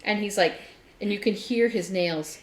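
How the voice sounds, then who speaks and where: Woman telling a lively story in a roomy space. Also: mid-range voice, moderate pace. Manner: animated storyteller, laughing often. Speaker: podcast co-host. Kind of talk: casual chat. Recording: roomy echo.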